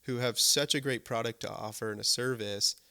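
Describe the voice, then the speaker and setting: A man's voice: medium pitch, brisk, creaky, sharp tone. A man hosting a podcast interview, talking with eager energy, repeating himself and tagging his points with "right?". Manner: enthusiastic, repeats words, many "right?" tags. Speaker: podcast host. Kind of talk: casual interview chat.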